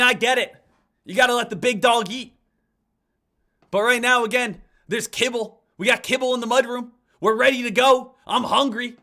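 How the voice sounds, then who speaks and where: A man streaming live stock trades, muttering over charts and then ranting loudly and excitedly. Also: very high-pitched. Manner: swings from muttered chart reading to loud excited rants. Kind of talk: live trading stream commentary.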